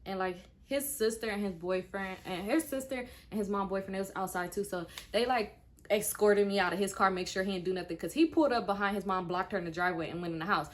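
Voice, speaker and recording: A young woman in her twenties tells a personal story to her viewers, speaking at a mid pitch. Her delivery is frank and conversational, and she turns to the audience directly as she talks. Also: quick pace. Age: 20s. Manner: animated retelling that acts out quoted speech. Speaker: vlogger. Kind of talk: casual storytime.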